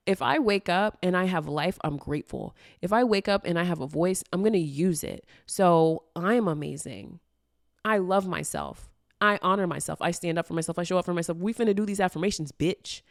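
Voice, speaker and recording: A young woman with a low, dusky voice speaks casually on a podcast. She rambles with constant fillers and speaks frankly, with a swear word here and there. The recording is close and dry, in a small room. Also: no room sound. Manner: rambling and candid, heavy use of "like", with swearing. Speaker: podcast host.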